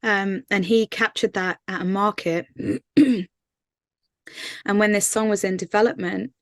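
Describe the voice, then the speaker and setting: A woman's voice: medium pitch, a little slow, dry recording, clean studio sound. A woman musician answering interview questions in an earnest, thoughtful way, with many fillers and restarts. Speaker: singer-songwriter interviewee.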